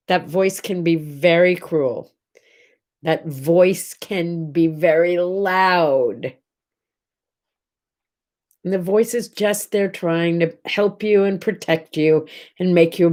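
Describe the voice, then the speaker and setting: A woman with a fairly low, darkish voice hosts a casual morning vlog from a room at home. She chats encouragingly with viewers and often asks them questions.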